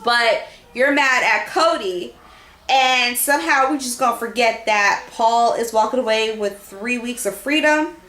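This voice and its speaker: A woman's voice: fairly high pitch, a little slow, bright, forceful tone. A woman recapping a reality show as a fan, arguing her points and talking straight to the people she discusses. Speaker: fan commentator. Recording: echoey room with faint noise.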